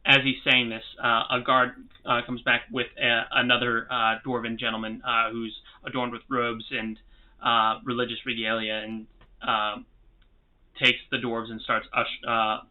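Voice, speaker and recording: A man narrating as game master in a tabletop game, relaxed and halting with lots of filler pauses. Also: medium pitch. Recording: tinny phone-like sound.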